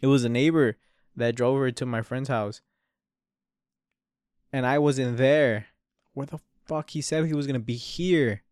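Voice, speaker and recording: A young man in his early twenties rambles through a story, full of swearing and "bro". His voice is clean and smooth, at an ordinary male pitch. It is recorded close and dry, with no room sound. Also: unhurried, pauses often, darkish tone, no room sound. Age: 20s. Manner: rambling and profane, with frequent "bro" and "dude". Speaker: podcast host. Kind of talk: casual storytelling.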